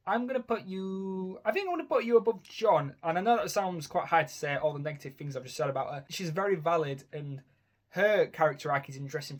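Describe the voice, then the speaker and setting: A man talks through his ranking of video game characters in an easygoing, chatty way. His voice sits a little on the high side. He often ends his thoughts with a friendly tag question. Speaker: gaming video host. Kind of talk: casual tier-list commentary.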